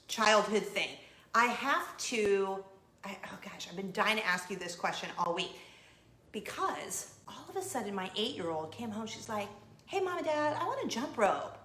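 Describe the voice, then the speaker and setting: A woman in her forties hosting a casual vlog, telling giddy stories with animated acted-out quotes. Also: on the high side, roomy sound, slight background noise. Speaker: vlog host. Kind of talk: casual chat to camera. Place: home in Orlando.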